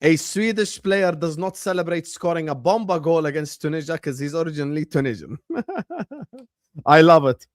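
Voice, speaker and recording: A man hosting a casual live watchalong, chatty and bursting into excited shouts. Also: on the high side, moderate pace, no room sound, clean studio sound. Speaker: livestream host.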